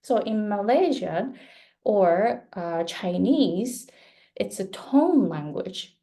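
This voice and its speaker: A woman's voice: medium pitch, lively intonation, dark tone. A Japanese woman with a Japanese accent, a pronunciation coach patiently modeling words in a live lesson. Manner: slow, patient, models words for learners to repeat.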